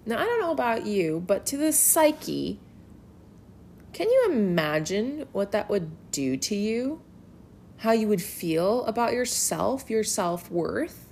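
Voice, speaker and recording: A woman's voice: medium pitch, very animated, slow pace, creaky, a little mellow, a little hiss or hum. A woman giving a casual Bible lesson. She talks in a conversational, emphatic way and leans on filler words. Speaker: Bible teacher.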